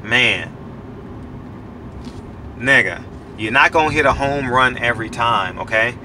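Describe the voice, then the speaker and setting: A man's voice: medium pitch, animated, measured pace, pushed and bright, a little hiss or hum. A man in his forties giving casual motivational advice to other men, emphatic and profane, repeating himself for weight. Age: 40s. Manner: preachy, repetitive, profane and emphatic. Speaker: channel host giving life advice.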